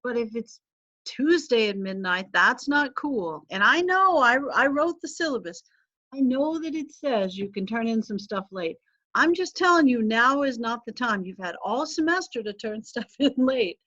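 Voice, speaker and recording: A woman's voice: fairly high pitch, animated, moderate pace, fairly bright tone. A woman teacher giving a casual online class lecture, chatty and laughing at herself, with the odd sneeze and cough. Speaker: college teacher. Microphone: video call. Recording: slightly dull video call audio.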